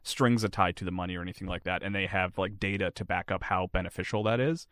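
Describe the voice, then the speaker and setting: A man's voice: sits low, quick pace, fairly bright tone, no echo, clean studio sound. A man chatting casually as an interview guest, rambling and filling his answers with "like". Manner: rambling, heavy use of "like" fillers. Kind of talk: casual chat.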